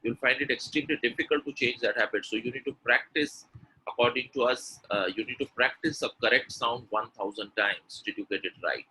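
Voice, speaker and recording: An Indian English man leads a live pronunciation lesson with an energetic, coaxing manner, repeating sounds and words over and over. His voice is bright and forceful at a middle pitch. A faint hiss of noise sits behind him. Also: brisk, poor audio. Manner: energetic, repeats words, drills sounds aloud, coaxes chat replies. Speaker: spoken English trainer.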